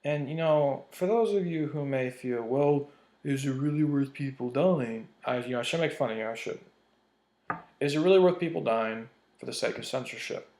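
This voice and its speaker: A man's voice: mid-range voice, expressive, a little fast, darkish tone. A man ranting in a vlog, heated and profane, hammering his points with emphasis. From United States. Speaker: vlogger. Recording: roomy echo.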